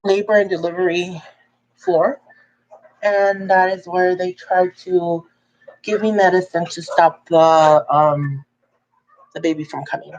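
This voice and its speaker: A woman's voice: fairly low pitch, slow pace, long pauses, lo-fi sound, slight background noise. Chatty woman telling a personal story. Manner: chatty, animated when quoting others. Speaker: vlogger.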